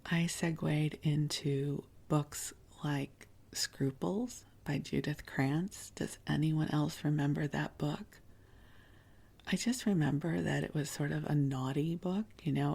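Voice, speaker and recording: A woman in her fifties from the Chicago area, hosting a sleep podcast and reminiscing softly in a whispered bedtime storytelling voice, close to the microphone. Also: deep voice, creaky, husky. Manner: soft, unhurried reminiscing with gentle laughs.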